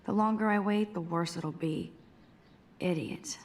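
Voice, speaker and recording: A woman voicing a shy, introspective young photography student in a video game, murmuring her thoughts quietly to herself. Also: fairly low pitch, unhurried. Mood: musing. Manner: quiet, self-mumbling inner monologue.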